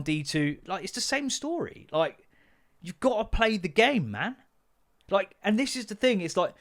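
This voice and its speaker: A man hosts his own podcast as a fed-up father. His voice sits a little above the usual male pitch. He talks bluntly, swears freely and pushes every point hard. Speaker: podcast host. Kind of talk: comedic parenting rant.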